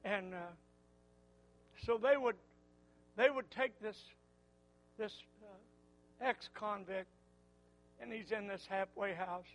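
Older man, preacher, very high voice, repeats phrases, quiet then rising to loud calls. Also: rough recording. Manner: repeats phrases, swings from low murmur to loud fervent calls. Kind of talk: sermon.

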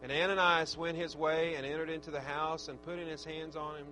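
A male preacher delivering a fervent sermon, swinging from shouted praise to soft, reflective talk. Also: fairly high pitch, a little fast, soft background music, rough recording. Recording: steady mains hum.

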